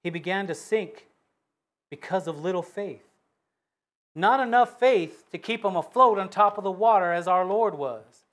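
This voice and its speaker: A man preaching a sermon, reading scripture aloud and swinging between loud fervent peaks and low hushed asides. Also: unhurried. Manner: reads scripture in King James wording with emphatic repetition.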